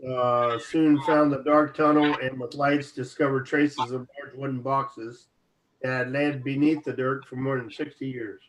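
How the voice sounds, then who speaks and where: A man's voice: medium pitch, a little slow. A man co-hosting an internet radio show, reading articles aloud and sometimes stumbling over words. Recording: dull lo-fi audio with steady noise.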